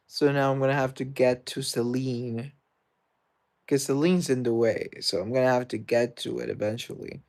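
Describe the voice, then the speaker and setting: A British man chats casually on a game livestream, reading out viewer comments and answering them as he goes. His middle-pitched voice has a noticeable gravelly fry and a steady, slightly mellow tone. He speaks unhurriedly, pauses often, and rambles easily from one thought to the next.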